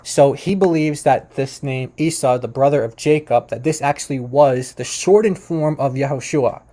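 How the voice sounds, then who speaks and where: A man talks through debate clips in an easygoing commentary, his voice mellow and dark. He rambles, restarts his sentences often and leans on fillers, with amused chuckles along the way. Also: mid-range voice, moderate pace. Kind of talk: casual commentary over a screen share.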